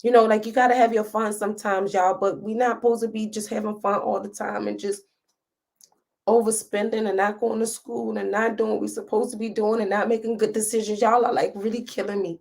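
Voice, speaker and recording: A woman reading live comments on her stream speaks at a medium pitch with little pitch movement, a bit fast, in a creaky, darkish tone. Her commentary to viewers is emotional, impassioned and preachy, on the verge of tears.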